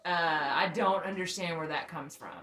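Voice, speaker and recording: Her voice sits on the low side with a fairly bright tone and normal speed. A young podcast co-host, she chats openly, laughing as she tells stories laced with profanity. Echo fills the room, and faint music can be heard.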